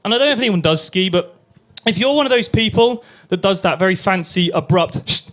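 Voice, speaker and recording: A man's voice: sits high, brisk, a bit bright. A young man performing a crude stand-up set at an open mic night, acting out voices and sounds. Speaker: stand-up comedian.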